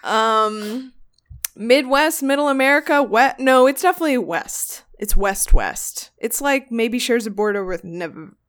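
A woman co-hosting a podcast in casual chat, talking quickly with frequent giggles and rambling asides. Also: a little high, lively intonation, fairly bright tone, clear, resonant tone. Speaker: podcast co-host.

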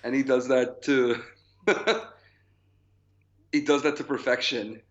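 A man's voice: mid-range voice, steady tone, slow. A man co-hosting a podcast in casual chat, enthusiastic and laughing between phrases. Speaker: podcast co-host. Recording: slightly dull lo-fi mic.

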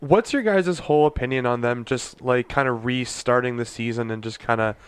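A man's voice: medium pitch, normal speed, smooth, no room sound. A young man in a casual podcast chat who talks hesitantly, full of fillers and trailing-off sentences. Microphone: podcast mic.

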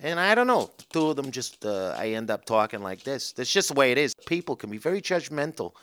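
A gruff, blunt little male dog, as a man puts him on drawls and rambles in a rough way. His pitch swings widely from low growls up to sudden highs. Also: very animated, fairly quick, fairly bright tone.

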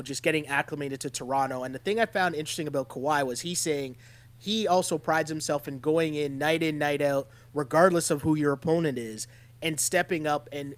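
On a laid-back sports podcast, this co-host keeps things lively and keeps turning to his partner with "right?". He talks a little fast, his voice on the high side.

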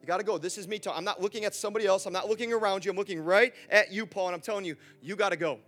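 A man's voice: high-pitched, steady tone, racing, a bit bright, soft background music. A man voicing God as an urgent, insistent voice that keeps repeating a command.

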